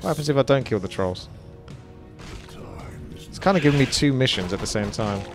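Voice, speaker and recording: A man's voice: mid-range voice, lively intonation, a little fast, music in the background. A man giving casual, rambling let's play commentary, musing aloud and swearing now and then. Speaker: gamer.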